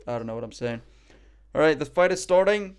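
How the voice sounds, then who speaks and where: A man's voice: fairly high pitch, animated, brisk, smooth. A man streaming live, reacting in casual chat; cocky, joking, profane and rambling.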